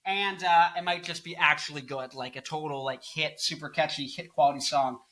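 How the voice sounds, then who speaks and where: A young man in his twenties talks through music commentary in a loose, rambling way, cracking jokes and drifting off topic. His voice is bright and forceful and sits a little high for a man. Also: fairly even intonation, normal speed. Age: 20s. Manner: jokey, rambling, goofs off into silly bits. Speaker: music video host.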